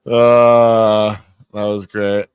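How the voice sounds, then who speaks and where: A man hosting a live trading stream in casual chat, excitable and swearing, calling out names like a race announcer. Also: fairly low pitch, very slow, clean tone, no echo, highs cut off.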